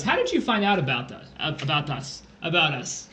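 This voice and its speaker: A man's voice: fairly high pitch, sing-song, moderate pace, sharp tone. A young man tutoring test prep on a casual livestream, joking and theatrical. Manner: playful, jokey, theatrical. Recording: echoey room, faint background noise.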